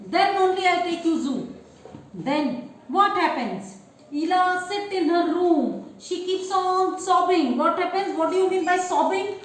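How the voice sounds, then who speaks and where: A woman teacher with an Indian English accent talks through a lesson in a very high voice, asking the class questions and repeating her points. The room is very echoey, with a faint hiss behind her. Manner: repetitive, asks the class questions.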